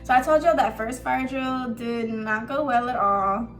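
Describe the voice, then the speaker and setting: A woman's voice: a little high, moderate pace. A young woman chatting casually on her vlog, storytelling with frequent laughs. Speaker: vlogger. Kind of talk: casual chat. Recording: echoey room with music.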